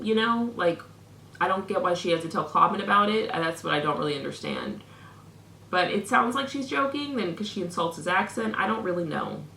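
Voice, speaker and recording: A woman's voice: medium pitch, sharp tone, reverberant. A young woman vlogger reading out messages with sarcastic, mock-indignant commentary.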